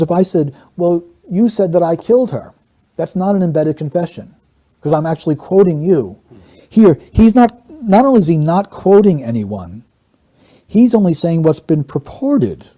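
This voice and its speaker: Methodical man with a very mellow voice. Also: a little high. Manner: methodical, repeats key phrases for emphasis. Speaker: statement analysis instructor. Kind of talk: explanatory analysis of interview clips.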